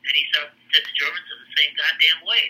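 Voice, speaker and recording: An older man with a somewhat high, very bright and forceful voice recounts family war stories in casual conversation. He rambles and halts, restarting his sentences often. His language is blunt and salted with profanity. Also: steady tone, fast talker, poor audio.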